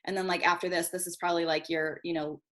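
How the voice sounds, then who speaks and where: A woman's voice: fairly low pitch, level tone, fast talker, a bit bright. A woman teaching a marketing workshop over a video call, chatty and casual, swearing freely and checking in with "okay?" again and again. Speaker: guest marketing coach.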